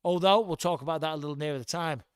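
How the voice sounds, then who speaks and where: A man's voice: fairly high pitch, very fast, clear, resonant tone, dry recording. A middle-aged man with an English accent, hosting a casual livestream from home, chatty and blunt, swearing freely. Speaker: livestream host.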